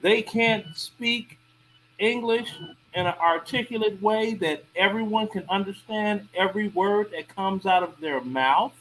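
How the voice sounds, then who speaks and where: High-voiced incredulous man. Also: slight background noise, rough recording. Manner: animated, incredulous, quick reactions. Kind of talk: casual discussion.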